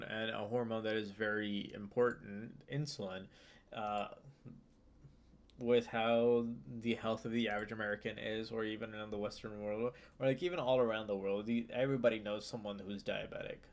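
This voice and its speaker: A young man with a low voice works through his study notes aloud, reading a passage and then talking it over. He talks in a loose, casual way, full of ums and restarts. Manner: reads text aloud then explains loosely with fillers and restarts. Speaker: student streamer.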